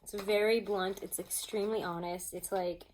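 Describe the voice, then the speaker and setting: A woman's voice: mid-range voice, normal speed, slight background noise, low-quality recording. Chatty woman reading tarot cards. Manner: chatty, animated, many "like" and "um" fillers. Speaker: tarot reader. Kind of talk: casual tarot reading to viewers. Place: home with pets nearby.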